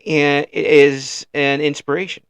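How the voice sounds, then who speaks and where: A man from Illinois with a Midwestern American accent, hosting a casual interview and talking in halting, restarting phrases with frequent chuckles. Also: on the high side, little pitch movement, clear, resonant tone, dry recording, clean studio sound. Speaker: interview host.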